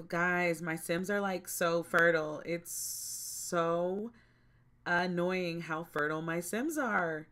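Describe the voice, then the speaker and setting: Woman host, casual game commentary, lower voice, slow and drawn-out, exasperated repeats. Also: fairly bright tone. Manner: exasperated, repeats herself, talks to viewers directly. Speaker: gaming channel host.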